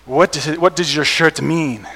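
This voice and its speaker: A man's voice: fairly high pitch, normal speed, sharp tone. A man doing a puzzled European classmate. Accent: European accent put on.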